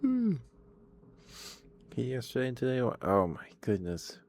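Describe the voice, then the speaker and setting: A tired, worn-out man rambling softly and chuckling often, chatting sleepily to his stream viewers up close to the mic. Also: deep voice, unhurried, a little hiss or hum. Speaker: ASMR streamer. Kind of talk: sleepy ASMR chat to live viewers.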